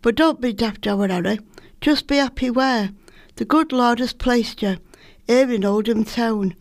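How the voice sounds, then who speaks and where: A woman's voice: a little high, a little slow, no echo, clean studio sound. A woman with a Lancashire accent voicing a stern, practical working-class mother who scolds her son down to earth. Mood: scolding.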